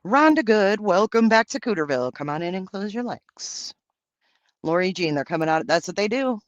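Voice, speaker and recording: A man's voice: sits high, lively intonation, moderate pace, no room sound. Brash, profane man hosting a livestream. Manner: brash, profane, campy banter with chat. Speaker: livestream host. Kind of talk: casual livestream chat reading viewer comments.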